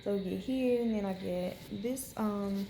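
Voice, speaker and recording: A woman's voice: mid-range voice, measured pace, reverberant, noisy background. A young woman vlogger telling a story to camera in a frank, chatty way with many fillers. She is unwell and in pain. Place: hospital room.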